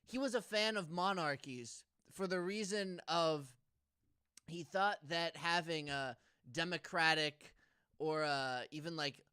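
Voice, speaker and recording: A man's voice: a little high, pushed and bright, clear, resonant tone, no room sound, clean studio sound. A man co-hosting a casual comedy podcast, chatting playfully and trying out silly mock accents. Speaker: podcast co-host. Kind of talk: casual chat.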